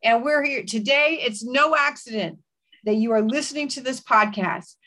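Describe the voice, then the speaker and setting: A woman's voice: on the high side, normal speed, pushed and bright. Woman hosting a faith podcast, prays over listeners, encouraging declarations. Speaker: podcast host. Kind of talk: podcast talk and prayer. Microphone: podcast mic.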